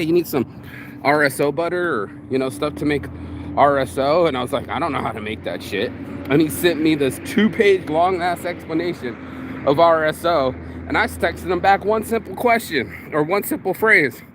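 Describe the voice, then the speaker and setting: A man's voice: sits high, fairly bright tone, a little hiss or hum. A man delivering a profane, rambling rant, circling back with restarts as he talks. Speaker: vlogger. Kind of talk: ranting monologue.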